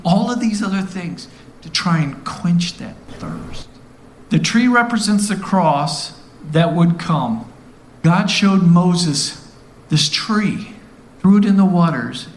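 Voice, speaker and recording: Guy preaching kinda earnest, slightly high voice, lots of room echo. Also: slight background noise. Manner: earnest, conversational, asks the listeners questions. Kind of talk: sermon-style Bible teaching.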